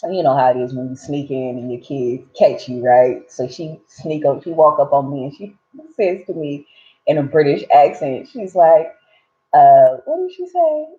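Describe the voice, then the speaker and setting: A woman's voice: low voice, normal speed. A woman hosting a live gratitude session, chatting casually and rambling with lots of fillers. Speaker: host of a live gratitude practice. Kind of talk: casual live-stream chat. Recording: dull lo-fi sound.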